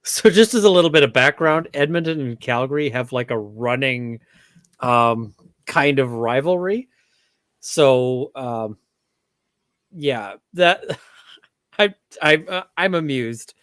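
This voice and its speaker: Soft-spoken, halting co-host, a man. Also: medium pitch, animated, no echo. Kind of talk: casual livestream chat.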